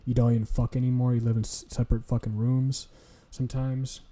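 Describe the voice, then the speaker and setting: A man's voice: medium pitch, little pitch movement, brisk, dark tone. A man streaming, ranting casually in a profane, blunt, lecturing way.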